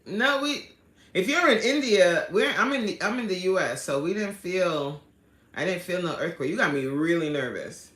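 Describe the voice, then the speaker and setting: Casual woman streamer, lively and laughing, sharp bright tone in an echoey home room. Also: on the low side, moderate pace. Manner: animated and chatty, laughs a lot, slangy street talk. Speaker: livestream host. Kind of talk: casual live chat, reading out viewer comments. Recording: roomy echo.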